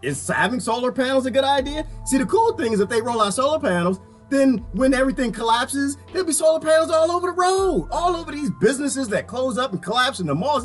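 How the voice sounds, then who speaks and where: Guy ranting over a video, high voice that jumps all over, keeps asking "good idea?". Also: quick pace, hardly any pauses, soft background music. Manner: animated, preachy, repeats rhetorical questions. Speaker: commentator. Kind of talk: casual reaction commentary.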